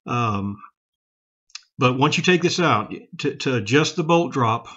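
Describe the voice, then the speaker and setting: Hobbyist man, mid-pitch, casual halting how-to delivery, slightly muffled recording with metal clicks behind. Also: lively intonation, a bit bright, husky. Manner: plain-spoken, halting, frequent restarts and self-corrections. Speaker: gun hobbyist demonstrating revolver repair.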